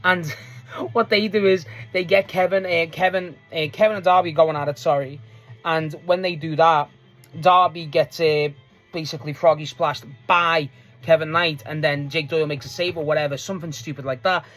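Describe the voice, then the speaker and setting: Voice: mid-range voice, fairly even intonation, normal speed, fairly bright tone, soft background music. A speaker giving a casual, rambling recap of a wrestling match. They swear freely, laugh often and restart sentences a lot. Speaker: wrestling show reviewer.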